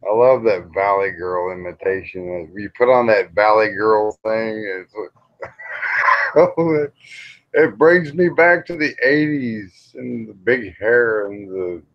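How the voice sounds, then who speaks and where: A man's voice: on the low side, takes it slowly. A man in his fifties hosting a casual live-stream chat, making joking, sardonic asides. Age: 50s. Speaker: host. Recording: dull lo-fi stream audio.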